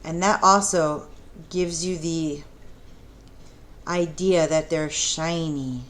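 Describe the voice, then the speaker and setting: Taking it slowly in a steady, low-pitched tone, a woman teaches a preschool art class. She encourages the children softly, narrating each step and asking them things along the way.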